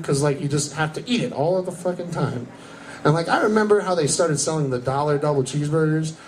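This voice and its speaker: A young man doing stand-up comedy on a club stage, his voice sitting a touch high for a man. He tells his stories with energy and breaks into shouted character voices. The live recording is noisy, with the crowd laughing behind him. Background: audience laughter.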